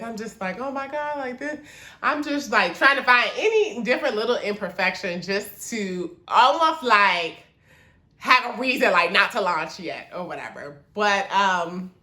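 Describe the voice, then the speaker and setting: A young woman talking casually to camera about starting her small business, chatty and animated, calling her viewers y'all. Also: medium pitch, reverberant. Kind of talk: casual vlog talk to camera.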